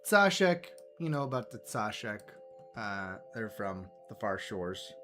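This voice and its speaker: A man's voice: lowish voice, sing-song, measured pace, sharp tone. Rambling man hosting a solo livestream. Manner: meandering, self-deprecating, talks to himself. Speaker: livestream host. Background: background music.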